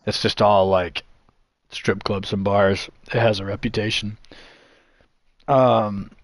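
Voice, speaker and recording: A man's voice: lowish voice, flat delivery, slow pace, dry recording. A man telling a long story in casual chat, rambling and swearing, laughing often as he goes.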